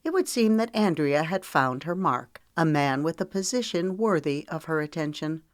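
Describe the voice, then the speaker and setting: In clean studio sound with no echo, a deep-voiced woman tells an audiobook story at a measured, even pace.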